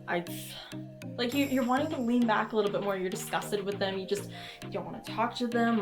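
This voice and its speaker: A woman's voice: fairly high pitch, fairly quick, over music. A woman hosting a casual cosplay tutorial, talking to the camera in a playful, goofy way and acting out expressions.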